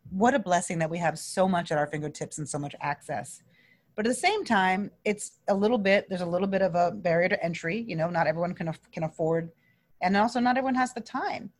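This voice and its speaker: A woman speaking as a wellness guest in a conversational interview, earnest and energetic, with frequent restarts and fillers. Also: mid-range voice.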